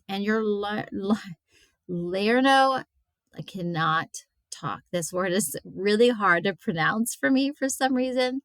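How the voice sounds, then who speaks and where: A woman's voice: mid-range voice, a bit bright, dry recording. A woman giving a recorded anatomy lesson in a chatty, informal way, with many fillers and stumbles over hard words. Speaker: teacher.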